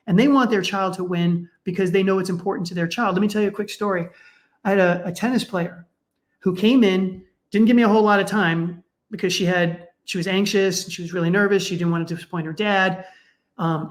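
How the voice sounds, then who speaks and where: A middle-aged man, a sports psychologist guest, speaking in a conversational, animated way and acting out the people in his stories. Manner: animated, acts out quoted parents with raised pitch. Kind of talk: conversational storytelling.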